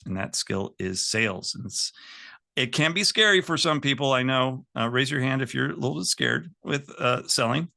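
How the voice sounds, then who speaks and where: Gravelly guy in his 50s, coaching trainees w a story, laughs a lot, talks right at you. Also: mid-range voice, bright, forceful tone, no echo, studio quality. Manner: personal, laughs often, speaks to the audience directly. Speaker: sales coach.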